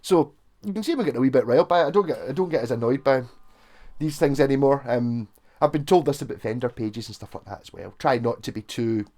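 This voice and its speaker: A man's voice: mid-range voice, fast talker, a little mellow. A Scottish man chatting frankly through a guitar review, rambling and swearing freely. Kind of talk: casual gear review chat.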